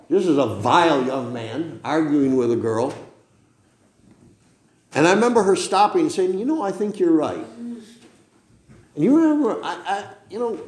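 Older man, pastor mid-sermon, emphatic rambling delivery with "okay?" asides, raised pitch, roomy church sound. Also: a little mellow. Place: church sanctuary.

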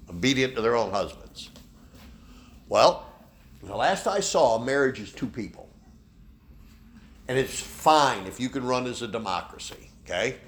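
A man's voice: medium pitch, fairly bright tone, slight background noise. A man preaching a sermon as pastor, who often ends his points with a questioning "okay?". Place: church.

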